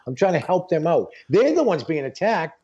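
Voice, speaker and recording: A middle-aged man talks in loose, rambling bursts, joking and circling back over the same point. His voice is husky and dark, and the recording sounds dull and lo-fi. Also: fairly high pitch, sing-song, normal speed. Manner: rambling, jokey, repeats himself. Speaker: advice-giving show guest. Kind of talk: casual chat.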